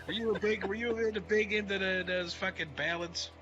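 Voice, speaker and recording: A man's voice: high voice, fairly even intonation, brisk, pushed and bright, dull audio, faint music behind. A man in his forties, a podcast co-host, trading jokey, profane banter and laughing often.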